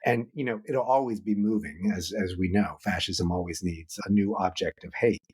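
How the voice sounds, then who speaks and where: Middle-aged man, low voice, husky tone, animated author talking in an interview. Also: normal speed. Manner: animated, acts out quoted voices. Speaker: author and guest. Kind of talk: podcast interview conversation.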